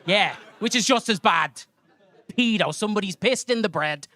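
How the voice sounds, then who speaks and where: A man's voice: high-pitched, moderate pace. A man doing a crude stand-up comedy set on a club stage, acting out voices. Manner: crude, animated, acts out voices.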